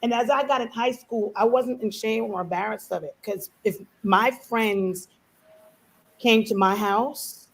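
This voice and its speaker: A woman's voice: fairly high pitch, unhurried, breathy edge, rough recording. A woman born in the United States to a Belizean family, chatting as a panelist and telling stories with many fillers. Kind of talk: casual panel discussion.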